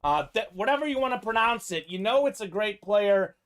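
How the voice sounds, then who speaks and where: A man's voice: high-pitched, animated, brisk, fairly bright tone. A man hosting a live-streamed sports card break, giving upbeat running commentary on teams and players.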